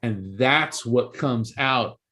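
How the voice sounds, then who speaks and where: A man's voice: mid-range voice, slow pace, bright, forceful tone. A man from Florida, an author guest in an interview, telling a story earnestly and with animation, often restarting his sentences. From East Coast Florida, USA.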